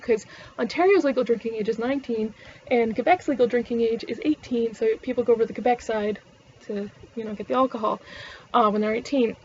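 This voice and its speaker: A Canadian woman with a somewhat high voice talks to camera in loose casual chat, rambling, swearing freely and restarting her sentences. The recording is dull and lo-fi, with a faint hiss underneath. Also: fairly even intonation, fast, darkish tone. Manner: rambling and profane, with frequent self-corrections. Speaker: vlogger.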